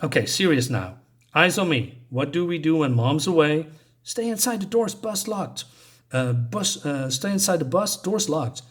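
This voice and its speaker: A man's voice: fairly high pitch, lively intonation, normal speed, slightly rough. A man voicing a stern, protective mother who gives firm instructions.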